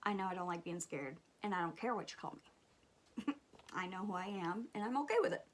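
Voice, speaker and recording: A young woman, chatting and telling a story while doing her makeup, animated and swearing casually. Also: lowish voice, a little fast. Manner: animated, swears casually, drops to whispers at times. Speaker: beauty vlogger.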